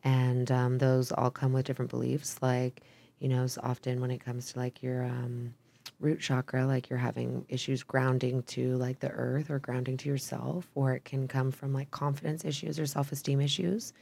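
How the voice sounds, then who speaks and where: Candid rambling woman with a gravelly voice. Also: rumbling low, flat delivery, moderate pace, mellow. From Idaho, US. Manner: rambling, frequent "like" and "um", candid with swearing. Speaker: podcast guest. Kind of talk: casual chat.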